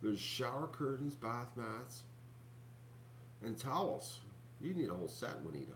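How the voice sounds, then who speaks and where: A man's voice: mid-range voice, big pitch swings, a little slow, slight background noise. A man, hosting a casual vlog, rambling to his viewers with lots of fillers and restarts. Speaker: YouTube channel host.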